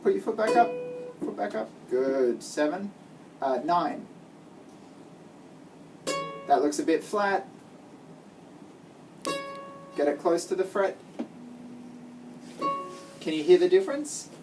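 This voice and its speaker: A woman's voice: on the low side, lively intonation, takes it slowly, pauses often. A woman teaching a child guitar one-on-one, giving patient step-by-step instructions and lots of praise. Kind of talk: one-on-one music lesson. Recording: distant mic with guitar playing.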